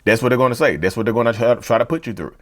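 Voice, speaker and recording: A man hosting a mental health channel, talking straight to his viewers in an animated way and rephrasing each point several times. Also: mid-range voice, very fast. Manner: addresses viewers as "y'all". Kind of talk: direct-to-camera talk.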